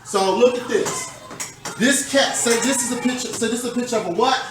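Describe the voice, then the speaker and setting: A woman teacher reading a picture book to small children, prompting them to repeat words slowly and emphatically. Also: a little high, music in the background. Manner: slow, emphatic prompting with many repeated cues. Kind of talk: call-and-response classroom reading. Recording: echoey, distant, noisy room recording.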